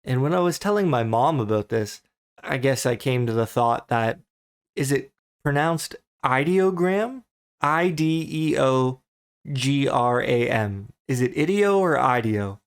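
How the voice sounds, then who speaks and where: A young man talks casually on his own podcast at an ordinary middle pitch. His voice is smooth and clear. He muses and second-guesses himself as he works through his thoughts. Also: a little slow. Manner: thoughtful, musing, self-questioning. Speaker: podcast host. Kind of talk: casual solo commentary.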